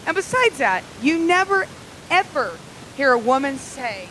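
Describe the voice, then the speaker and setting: A woman's voice: sits high, big pitch swings, measured pace, bright, forceful tone, a little hiss or hum, low-quality recording. Crude, rambling woman comic. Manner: crude, rambling storytelling with fillers. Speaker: stand-up comedian. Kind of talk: stand-up comedy set. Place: small live comedy club.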